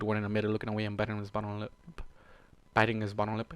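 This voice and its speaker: Clear-voiced man reading a fan story. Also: on the low side, flat delivery, racing, no echo. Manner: plain reading with small self-corrections. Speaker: fan fiction reader.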